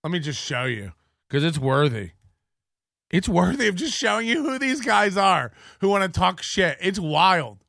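Man, middle-aged, high voice, bright edge, sarcastic rant, profane, mocking, online show host. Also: big pitch swings, normal speed, vocal fry, dry recording, studio quality. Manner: scrolls and mutters while reading posts on screen. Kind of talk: ranting commentary.

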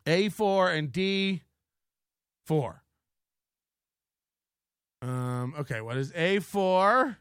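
A man's voice: sits high, animated, extremely slow, pauses often, a bit bright, smooth, no room sound, studio quality. A man hosting a live online show in casual commentary, profane and mocking, laughing often.

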